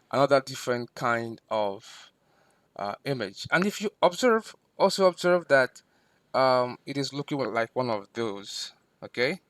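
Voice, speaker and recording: A man teaching a screen-recorded software lesson, patient and step by step, repeating himself with fillers. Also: medium pitch, no echo. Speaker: instructor.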